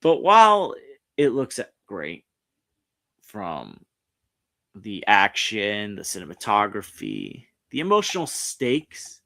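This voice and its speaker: A man's voice: lowish voice, wildly swooping pitch, slow, creaky, bright, forceful tone. A man hosting a casual pop culture stream, reading articles aloud and rambling with frequent restarts. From New York. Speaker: streamer host. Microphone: streaming setup mic.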